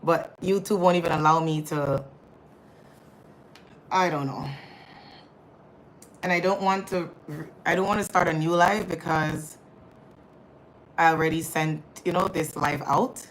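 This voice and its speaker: A woman's voice: deep voice, measured pace, pauses often, slight background noise, poor audio. A woman hosting a casual live stream on her phone, chatty and flustered, often calling out to her viewers. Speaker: livestream host. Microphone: phone camera.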